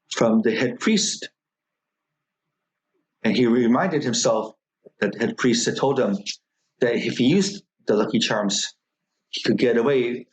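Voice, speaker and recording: A man who serves as a Buddhist minister, telling a folktale in a dharma talk with slow, measured phrasing and many pauses. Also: medium pitch, low-quality recording.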